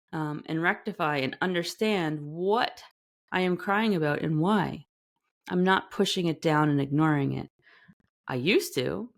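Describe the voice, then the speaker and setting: A woman hosting a self-help podcast, talking earnestly in a casual monologue and acting out little quoted voices. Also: sits low. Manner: earnest, talks animatedly, acts out quoted voices. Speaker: podcast host.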